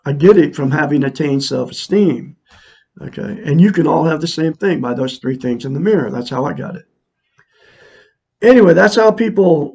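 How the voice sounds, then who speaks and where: Earnest older man, gravelly husky voice. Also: fairly high pitch, darkish tone. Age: 60s. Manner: earnest, repetitive, preachy. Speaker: self-help vlogger. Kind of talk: casual monologue to viewers. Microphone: camera mic, looking into a mirror.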